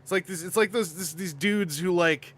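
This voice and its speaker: A toy collecting streamer hosts a casual livestream in a high, slightly bright voice at normal speed. He rambles through plenty of asides and laughs frequently.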